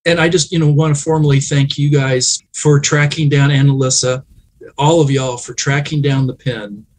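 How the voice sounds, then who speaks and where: A man's voice: medium pitch, steady tone, normal speed, low-quality recording. A man, a guest on an interview show, telling reflective and emotional family stories in a conversational way.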